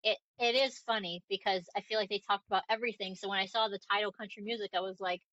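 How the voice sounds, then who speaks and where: A woman's voice: mid-range voice, fairly even intonation, quick pace, fairly bright tone, no echo, highs cut off. A woman from Connecticut co-hosting a podcast, chatting casually with lots of ums and giggles. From Northeast Connecticut. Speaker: podcast co-host. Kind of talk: casual chat.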